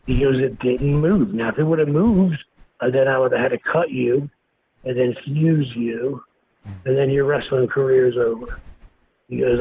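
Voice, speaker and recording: Profane storyteller on a tinny line. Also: male voice, medium pitch. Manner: blunt, profane, animated storyteller. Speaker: guest. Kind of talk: casual interview storytelling. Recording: tinny phone-like line with faint noise.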